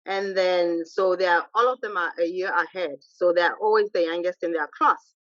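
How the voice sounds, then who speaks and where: A woman's voice: fairly low pitch, normal speed, fairly bright tone. Chatty mother on a muffled line. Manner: chatty, assertive, quotes her kids' exchanges. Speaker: podcast guest, mother of three. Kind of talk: casual conversation. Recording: muffled lo-fi recording.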